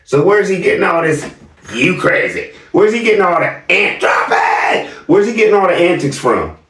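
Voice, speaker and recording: A man's voice: high-pitched, very animated, brisk, a bit bright, echoey room, far from the mic. A man giving sarcastic reaction commentary on video clips, questioning his viewers.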